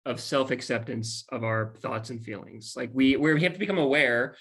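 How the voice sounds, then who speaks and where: A man's voice: medium pitch, normal speed, fairly bright tone, slightly rough. Man host summarizing thoughtfully. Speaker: podcast host. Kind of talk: interview questions.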